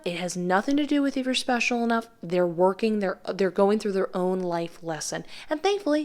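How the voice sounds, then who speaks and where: A woman giving a pick-a-card tarot reading in a chatty, reassuring way with many fillers. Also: medium pitch. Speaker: tarot reader.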